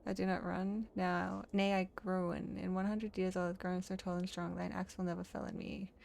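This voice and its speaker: A woman voicing a cagey talking tree in a game, speaking slowly and evasively in old-fashioned phrasing. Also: on the low side, level tone, gravelly, darkish tone, a little hiss or hum. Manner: slow, evasive, archaic speech.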